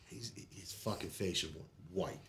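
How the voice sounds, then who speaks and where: A man's voice: low-pitched, unhurried, gravelly. A man telling his old service stories in a casual podcast chat, cursing freely and laughing through his tales. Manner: animated, profane, laughs often while telling stories.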